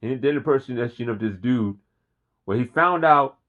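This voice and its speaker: A man's voice: mid-range voice, normal speed. Chatty man vlogging. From Philadelphia. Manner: enthusiastic, chatty, repeats himself. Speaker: host. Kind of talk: casual vlog monologue. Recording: dull lo-fi recording.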